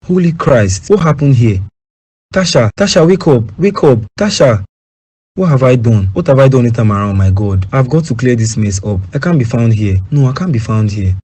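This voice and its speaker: A man with a Nigerian accent voicing a violent, jealous boyfriend in a cartoon drama, with a husky voice. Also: on the low side, a little fast, few pauses, warm tone, close to an everyday voice. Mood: panicked.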